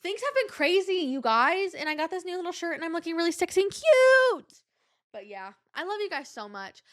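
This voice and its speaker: A young woman hosting a casual solo podcast, bubbly and giggly, jumping from topic to topic with big swings in pitch. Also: very animated, a little fast, a bit bright. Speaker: podcast host. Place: home room.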